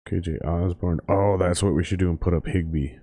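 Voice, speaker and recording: A deep-voiced man rants in a casual, profane way, muttering and cursing to himself. He sounds exasperated and is drinking while he talks. The sound is close and dry, with no room around it. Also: fairly even intonation, fairly quick, warm tone, dry recording. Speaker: podcast host. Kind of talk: casual profane rant and phone chat.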